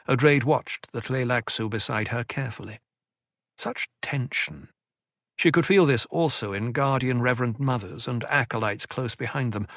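A man reading an audiobook with scripted narration, in an even, deliberate way. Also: medium pitch, dry recording, studio quality.

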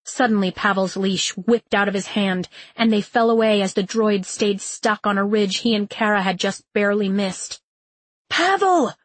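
A woman reading a novel aloud in a measured, expressive storytelling manner. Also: mid-range voice, no echo. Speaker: audiobook narrator. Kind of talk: scripted narration.

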